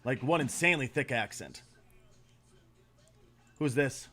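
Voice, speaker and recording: A man hosts a casual livestream, speaking at a medium pitch with lively intonation and a measured pace, his voice pushed and bright over soft background music. He reacts bluntly and opinionatedly, swearing a lot and often trailing off as he searches for names.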